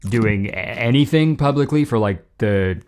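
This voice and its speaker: A man's voice: mid-range voice, animated, normal speed, a little mellow. A man delivering a scripted, wry and opinionated vlog monologue.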